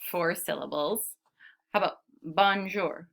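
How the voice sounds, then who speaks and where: A woman's voice: lowish voice, a little slow, gravelly, heavy background noise. A woman teaching preschool children, reading a picture book aloud and counting syllables with them in a patient, encouraging manner.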